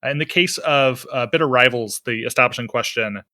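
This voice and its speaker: A man's voice: mid-range voice, moderate pace, pushed and bright, no echo, clean studio sound. A man casually explaining tabletop game rules to co-hosts, loose and enthusiastic with lots of fillers.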